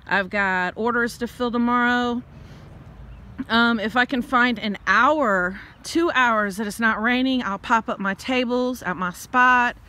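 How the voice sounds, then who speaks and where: A middle-aged woman, talking casually while walking outdoors, out of breath, chatty and quick to laugh. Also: a little high, bright, forceful tone. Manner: chatty, laughs often, rambles into rants. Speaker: vlogger and tarot reader.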